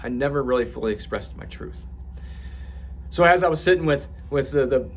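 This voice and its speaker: A man's voice: mid-range voice, animated, moderate pace, gravelly, slight background noise. A man speaking candidly and with profanity as a podcast host, telling a personal story with frequent restarts.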